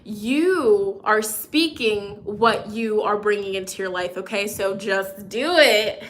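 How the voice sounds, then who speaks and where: A woman's voice: mid-range voice, takes it slowly, fairly bright tone. A woman tarot reader giving a chatty weekly forecast. She keeps checking in with "okay?" and is sniffly from a runny nose. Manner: encouraging, chatty, frequent "okay?" check-ins; reads out viewer comments. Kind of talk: live tarot forecast reading.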